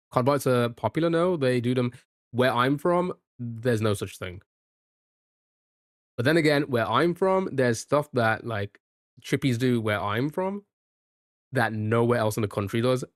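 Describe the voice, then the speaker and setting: A man with a mid-pitched voice chatting casually on a live stream. He thinks out loud as he guesses and jokes with his viewers, and his voice sounds close and dry with no room around it. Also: no room sound. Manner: thinks aloud while guessing, chatty and joking with chat.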